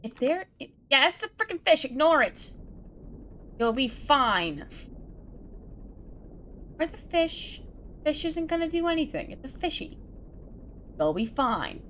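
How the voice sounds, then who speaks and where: A woman talks through a video game in a bright, high-pitched voice with a lively, swooping melody. She speaks at an easy, unhurried pace, mocking herself and venting at the game. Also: a little hiss or hum. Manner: self-mocking, talks to herself, laughs often; exasperated sighs and outbursts at the game. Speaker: let's play gamer. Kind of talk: casual gameplay commentary.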